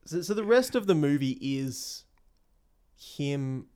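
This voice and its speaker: A man's voice: on the high side, animated, slow, darkish tone, a little hiss or hum. A man in casual conversation about a movie, offhand and swearing lightly.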